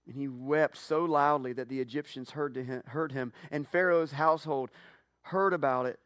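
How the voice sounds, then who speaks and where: A man preaching a sermon as pastor, telling the story with animated swings from hushed to loud. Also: medium pitch, normal speed, no room sound, clean studio sound.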